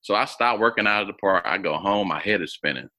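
A man with a low, deep voice that still rings bright and forceful. He tells a long personal story as an interview guest. He acts out the other people in it, jumping high in pitch. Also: fast. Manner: animated, acts out quoted voices with big pitch jumps.

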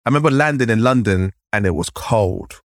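A man from Nigeria tells his story as a podcast guest, animated and full of "like". His pitch jumps around as he acts out remembered voices. The sound is dry and close, with no room around it. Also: fairly quick, no echo. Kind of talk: storytelling in conversation.

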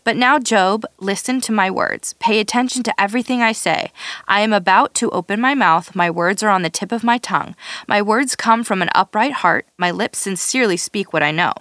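A woman's voice: mid-range voice, no echo. Woman reading scripture, dry sound. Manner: steady, measured reading with occasional slips and restarts. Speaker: scripture reader.

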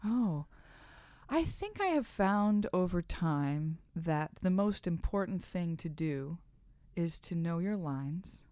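A middle-aged actress, a guest in a podcast interview, telling animated, self-deprecating stories from the stage. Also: female voice, lowish voice, takes it slowly, no echo, clean studio sound. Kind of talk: conversational interview.

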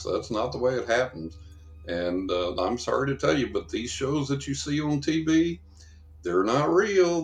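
Chatty man telling stories, roomy sound. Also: fairly low pitch. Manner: animated, acts out quoted voices; casual chatty. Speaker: guest psychic. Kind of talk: casual storytelling.

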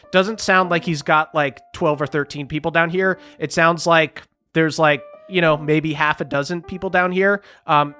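A man narrating as game master in a tabletop game, describing scenes loosely with plenty of "like" and "um". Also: fairly high pitch. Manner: relaxed, loose narration full of "like" and "um".

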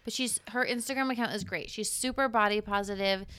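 A woman's voice: medium pitch, a little fast, fairly bright tone, clean tone, no echo. A young woman co-hosting a podcast, chatting casually and animatedly, often drifting back from her microphone. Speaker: podcast co-host. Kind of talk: casual chat. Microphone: moves back and forth from the microphone.

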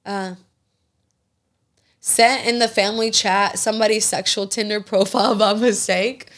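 A woman's voice: mid-range voice, unhurried. Chatty young woman podcast host. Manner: chatty, animated storyteller. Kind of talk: casual chat.

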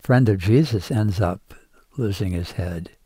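Husky, dark-voiced man musing aloud. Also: fairly low pitch, a little slow, no echo. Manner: reflective, musing. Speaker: Bible study participant. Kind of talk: Bible study discussion.

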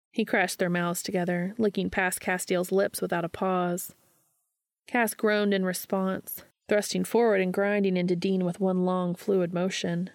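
A woman narrating a fan fiction audiobook in a steady, unhurried storytelling manner. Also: fairly low pitch, no room sound, studio quality.

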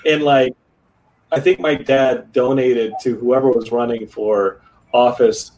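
A man from Texas hosting a podcast, chatting casually with a guest in an excitable, joking way full of "like" and "dude". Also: medium pitch, slow, a little hiss or hum, low-quality recording. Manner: excitable, joking, loose filler-heavy talk. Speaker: podcast host. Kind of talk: casual interview chat.

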